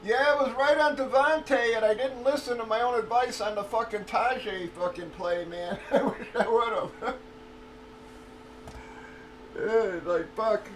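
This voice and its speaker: Profane, rambling livestream host, higher voice. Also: male voice, measured pace, distant mic, low-quality recording. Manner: profane, rambling, laughs often. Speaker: livestream host of card breaks. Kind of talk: casual livestream chat. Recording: voice a bit off-mic with faint noise.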